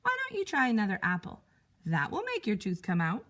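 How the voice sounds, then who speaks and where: A woman voicing a confident father in a storybook reading, drawn-out and knowing. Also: mid-range voice, wildly swooping pitch, fairly bright tone. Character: confident father, sure he knows best.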